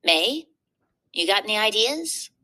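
A cheerful, easygoing little girl who loves to draw, read aloud by a woman. She talks in a friendly, upbeat way, her pitch lively and bouncing in a storybook reading. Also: measured pace. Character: bold young girl, eager friendly artist.

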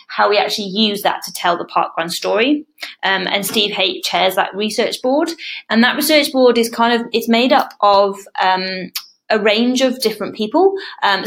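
Female researcher guest, British accent, mid pitch, thoughtful explanations. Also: a bit bright, rough recording. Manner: thoughtful, many "um" and "kind of". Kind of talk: explanatory interview answers.

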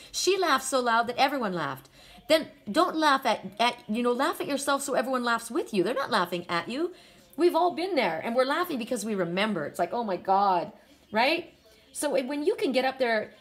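A woman's voice: a little high, a bit bright. A woman reading oracle cards in a casual spiritual chat, laughing easily and talking straight to the viewer. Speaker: oracle card reader.

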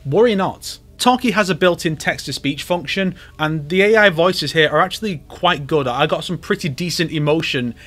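A man's voice: on the high side, moderate pace, few pauses, fairly bright tone, soft background music. A man hosting a YouTube video, giving comedic commentary with wry, sarcastic asides. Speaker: YouTuber host.

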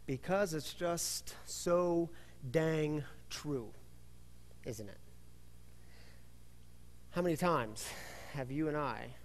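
Male pastor, slightly high voice, animated storytelling sermon, long church reverb. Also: slight background noise. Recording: reverberant hall.

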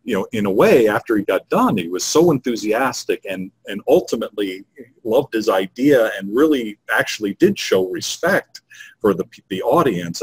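A man's voice: on the low side, husky, dry recording, rough recording. A man moderating a webinar panel, telling stories in a chatty way and laughing often.

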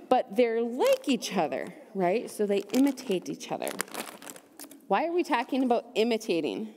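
A young adult woman leads a children's message in church, upbeat and gentle, asking the kids simple questions. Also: a little high, very animated, unhurried, a little hiss or hum. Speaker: children's ministry leader. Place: church sanctuary. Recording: long church reverb.

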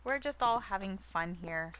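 A young woman hosting a casual gameplay commentary video, bubbly and playful, cooing at a pet in a high baby-talk voice. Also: expressive, moderate pace, noisy background. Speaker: gaming channel host.

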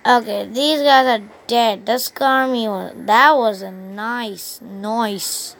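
High-voiced rambling woman gaming vlogger. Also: slow, creaky, few pauses, fairly bright tone, a little hiss or hum, poor audio. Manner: rambling, many restarts, loses track of the story. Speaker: gaming channel host. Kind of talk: casual gaming commentary and story retelling.

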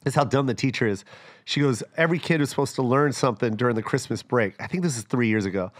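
A man's voice: mid-range voice, fast talker. A middle-aged man, a guest comedian, telling loose stories in casual podcast chat, laughing and swearing freely.

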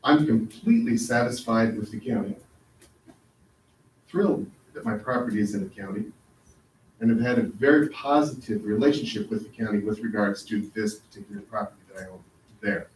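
A man's voice: on the low side, brisk, a little mellow, a little hiss or hum. Man, public comment, insistent, confronting officials, echoey room, faint ambience. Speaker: resident speaking at public hearing. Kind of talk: public comment at a council meeting. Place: council chamber. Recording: echoey hall, mic from a distance.

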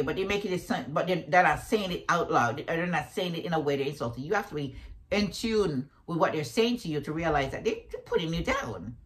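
Deep-voiced woman in her fifties, animated. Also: rough recording. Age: 50s. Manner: animated and preachy, repeating affirmations. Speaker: motivational vlogger. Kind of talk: motivational faith-based talk.

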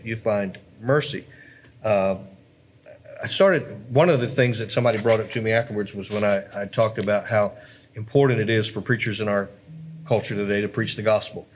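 A man's voice: lowish voice, steady tone, brisk, a little hiss or hum. A man, a pastor, chatting earnestly on a church livestream and reading viewer comments aloud. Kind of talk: casual church livestream chat.

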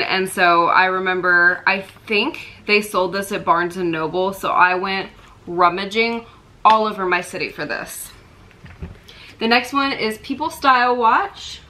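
Bright-voiced young woman, chatty vlogger. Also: mid-range voice. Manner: chatty and emotional, fan excitement. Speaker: vlogger showing a merch collection. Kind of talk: casual chat.

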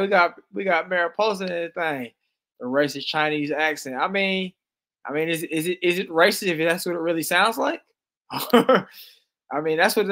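A man's voice: fairly high pitch, a bit bright. A man doing casual live-stream commentary, loose and slangy, reading chat messages aloud as he reacts to a clip.

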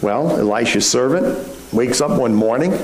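In an echoey church sanctuary with a slight background hum, a man delivers a sermon in a mid-range, expressive voice at a moderate speed. He preaches conversationally, posing one rhetorical question after another.

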